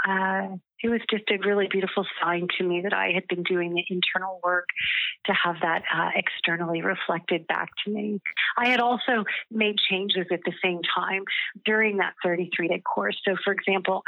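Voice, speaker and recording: A woman guest telling a personal story in a gentle, earnest way, restarting sentences as she goes. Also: mid-range voice, creaky, no echo. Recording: tinny phone line, dry.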